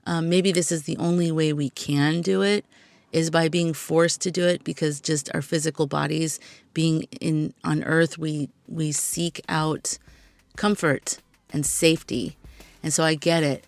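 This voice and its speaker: A woman's voice: sits low, steady tone, unhurried, creaky, dry recording. A woman hosting her own podcast, talking casually and reflectively with lots of "like" and "you know". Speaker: podcast host. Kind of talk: casual solo podcast talk.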